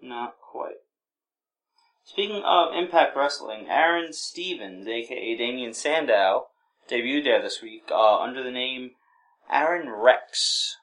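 A man's voice: mid-range voice, lively intonation, slow pace, a bit bright. Chill podcast guy, teasing his buddy and reading off news, plain middle voice. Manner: laid-back, teasing, reads news items. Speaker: podcast co-host. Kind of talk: casual podcast chat.

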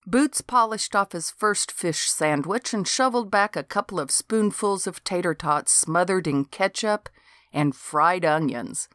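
Woman audiobook narrator, measured and unhurried, lower voice. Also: no room sound, studio quality. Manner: steady, measured storytelling. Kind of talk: novel reading.

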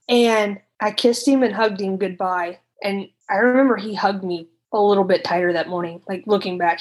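Halting woman telling a personal story. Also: mid-range voice, rough recording. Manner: halting, restarts and repeats, candid. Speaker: storyteller recounting her past.

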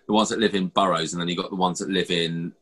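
Man, low voice, husky, rambling casual podcast chat, fillers and swearing. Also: steady tone, fast talker, fairly bright tone. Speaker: podcast host.

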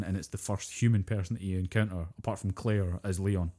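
Guy rattling off game talk fast, lowish voice, swears a lot, acts out the bits. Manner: animated storyteller, swears freely, acts out quotes. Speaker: podcast co-host. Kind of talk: casual chat about video games.

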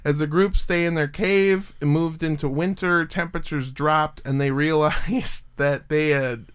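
A man's voice: fairly high pitch, steady tone, measured pace, clean tone. Casual, swearing male storyteller. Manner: loose, swearing storyteller with asides and laughs. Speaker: podcast host telling a true-crime story. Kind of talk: casual chat.

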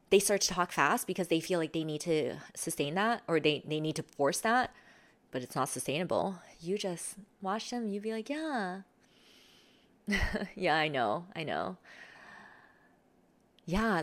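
A woman coaching on social confidence, explaining in a relaxed talk and acting out sample replies with sighs and laughs. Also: sits low. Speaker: self-improvement coach. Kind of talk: explanatory talk with acted example lines.

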